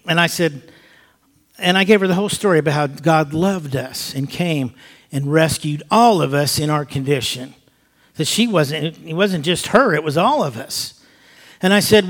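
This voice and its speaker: An older man sharing a personal testimony as an animated storyteller who drops to soft, hushed tones. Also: a little high, moderate pace. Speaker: speaker giving a personal testimony. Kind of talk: spoken testimony.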